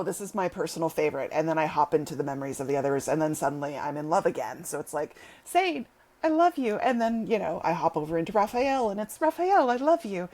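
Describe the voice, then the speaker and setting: A woman co-hosting a casual chat, playful and teasing, often acting out little quotes. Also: fairly low pitch. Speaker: podcast co-host.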